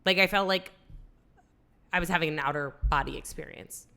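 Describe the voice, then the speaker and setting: A woman's voice: low-pitched, fairly quick, vocal fry, sharp tone. A young woman co-hosting a casual podcast chat, telling an emotional personal story and acting out the dialogue. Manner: emotional storytelling, acts out quoted dialogue, many "like"s. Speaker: podcast co-host.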